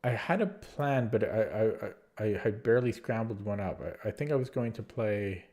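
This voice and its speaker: A man with a fairly low, slightly mellow voice talks at a moderate pace with lively intonation, his allergies giving him a nasal, stuffed-up sound. He's thinking aloud over an online chess game, hesitantly muttering move calls to himself.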